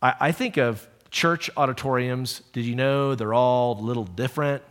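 A middle-aged man preaching a sermon in a church, telling stories with animated energy and speaking in an earnest, hushed way as he prays. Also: medium pitch, normal speed. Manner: storytelling, animated in anecdotes, hushed and earnest in prayer. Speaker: pastor. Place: church auditorium.

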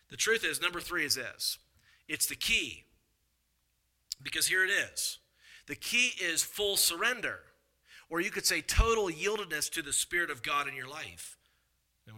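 A man preaching a sermon as pastor, earnest and emphatic, swinging between loud emphasis and quiet asides and often restarting his sentences. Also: a little high, low-quality recording. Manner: repeats words and restarts mid-sentence.

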